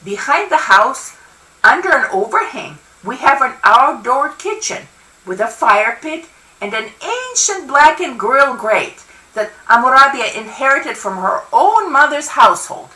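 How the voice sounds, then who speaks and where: A woman author reading her own novel aloud in an expressive first-person narration. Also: high voice, unhurried. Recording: roomy, from far off.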